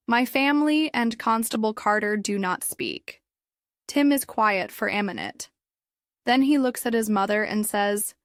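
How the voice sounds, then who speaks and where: Woman reading a simple english story super slow, clear, dead dry close mic. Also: medium pitch, no room sound. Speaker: story narrator. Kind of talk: graded reader story narration.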